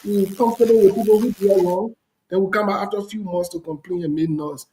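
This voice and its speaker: A man's voice: high voice, fairly even intonation, quick pace, dark tone, low-quality recording. A man with a Liberian English accent hosting a talk show, giving heated political commentary in an emphatic, repetitive, lecturing way.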